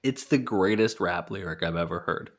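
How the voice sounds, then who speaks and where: Low-voiced and moderately paced, a man co-hosts a laid-back podcast about wrestling matches. His delivery is full of jokes and swearing, and he mimics wrestlers with put-on voices.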